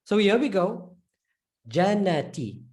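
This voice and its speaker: A woman teaching an online lesson, patiently repeating points, checking in with learners and slowly drawing out example words. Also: fairly low pitch, sing-song, a little mellow. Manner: slowly drawn-out word demonstrations. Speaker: Arabic reading teacher.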